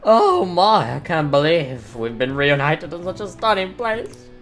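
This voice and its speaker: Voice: mid-range voice, big pitch swings, a little slow, fairly bright tone. A woman voicing a flamboyant, flirty male fashion cop in a theatrical, sing-song way, over game music.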